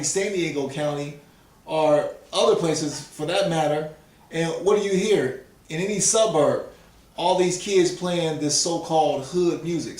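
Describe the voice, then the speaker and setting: A man's voice: a little high, a little mellow. A man from Southern California, a pigeon fancier, talking earnestly and emphatically in a casual interview. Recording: echoey and distant from the mic.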